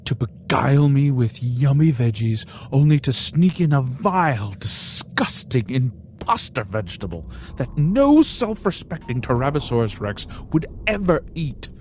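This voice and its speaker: A man's voice: mid-range voice, sing-song, unhurried, few pauses, a little mellow, a little hiss or hum. A man reading a story aloud in the first person, theatrically, with sudden whispered asides. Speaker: storybook reader.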